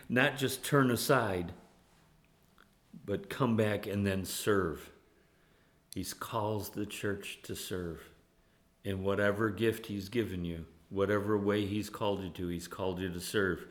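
A man preaching a sermon in an animated way, laughing often and at times rising to near-yelling. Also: on the low side, measured pace.

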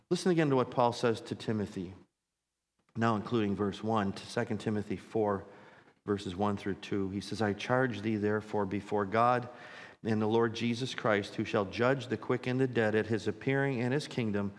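A man's voice: lowish voice, normal speed, long reverb tail. A man preaching a sermon as pastor, earnest and repeating phrases for emphasis as his intensity builds.

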